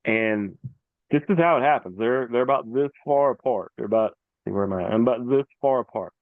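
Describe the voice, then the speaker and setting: A man hosting a combat sports show, retelling a fight in a casual, animated way and acting out what the referee said. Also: medium pitch, brisk, no echo, narrow, tinny audio. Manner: animated storytelling, acts out the referee. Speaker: podcast host.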